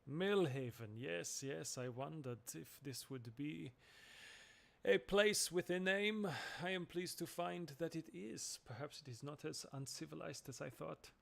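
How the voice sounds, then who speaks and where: A man's voice: on the high side, measured pace, gravelly, a bit bright. A man voicing a pompous, vain male adventurer who talks in a flowery, condescending way. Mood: haughty.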